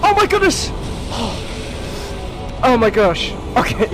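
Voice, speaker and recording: A man hosting a live-streamed podcast while gaming. He is excitable, often exclaims, and stammers through restarts. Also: extremely high pitch. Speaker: VTuber podcast host.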